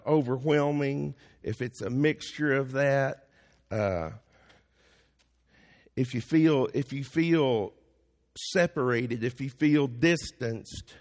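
A man preaching a sermon as pastor, building to emphatic peaks. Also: mid-range voice. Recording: long hall reverb.

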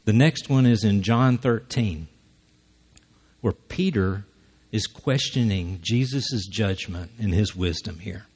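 A man gives a sermon in a relaxed, conversational way. He slips into the people he quotes and acts out their lines. His voice sits a little low and sounds husky. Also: takes it slowly. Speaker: preacher.

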